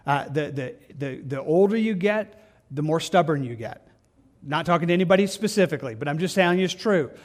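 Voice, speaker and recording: Brief: male pastor, fairly high voice, earnest and pastoral, sermon delivery with frequent restarts. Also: lively intonation, fairly quick. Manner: earnest, pastoral, repeats words and restarts phrases.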